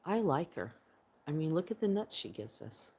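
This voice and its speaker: A woman doing a wary little chipmunk, hushed and low. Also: big pitch swings, normal speed, a little hiss or hum. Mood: suspicious. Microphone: phone.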